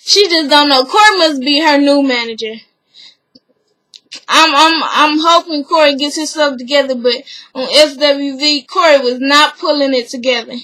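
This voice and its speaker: A woman's voice: high-pitched, measured pace, bright, forceful tone, poor audio. A woman vlogger giving a chatty, opinionated, gossipy recap of a TV show, full of fillers.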